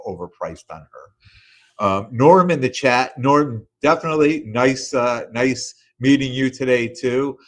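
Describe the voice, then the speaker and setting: A middle-aged man hosting a podcast, giving a casual, rambling recap full of fillers and restarts. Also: mid-range voice. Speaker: podcast host.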